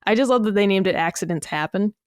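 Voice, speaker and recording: A woman talks on a podcast in a blunt, animated, unfiltered way and swears freely. Her voice is smooth and clear, recorded close and dry with no room sound. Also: medium pitch, fast talker, no room sound. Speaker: podcast guest. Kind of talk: casual podcast chat.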